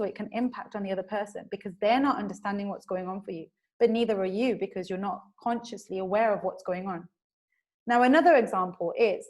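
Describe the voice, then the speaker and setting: A woman presents a webinar in a relaxed, conversational way, and her voice sits at a middling pitch. She explains step by step with frequent fillers. She sometimes slips into quick acted voices to show how people react. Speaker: webinar presenter on emotions in business.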